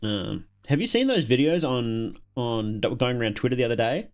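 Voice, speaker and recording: Aussie guy rambling on a live reaction stream, chuckles a lot, middle-pitched voice, trips over his words. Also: lively intonation, brisk. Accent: Australian. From Australia. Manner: chatty, chuckles often, repeats words while thinking. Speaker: livestream host reacting to videos. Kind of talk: casual livestream reaction chat.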